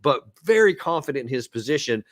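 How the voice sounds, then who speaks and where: A man's voice: fairly high pitch, sing-song, fast talker, dry recording. Conversational male host, dry sound. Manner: conversational, probing, chuckles. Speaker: podcast host. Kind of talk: interview questions and commentary.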